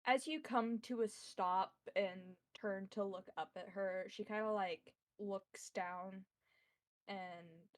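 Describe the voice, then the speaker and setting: A woman with a mid-range voice narrates as game master for a tabletop game. She describes scenes unhurriedly, using lots of fillers.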